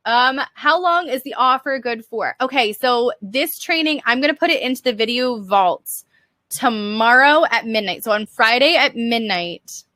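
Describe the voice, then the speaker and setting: Young woman doing a chatty live design class, bright voice, kinda high, dry close sound. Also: no echo. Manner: chatty, upbeat, frequent "um" and "like". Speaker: online design trainer answering viewer questions. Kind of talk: casual live-stream teaching.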